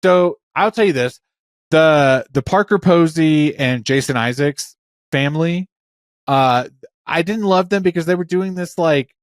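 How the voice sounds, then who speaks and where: Man, podcast co-host, enthusiastic casual chat, higher voice, dry sound. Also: measured pace, no echo. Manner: animated, enthusiastic, swears casually.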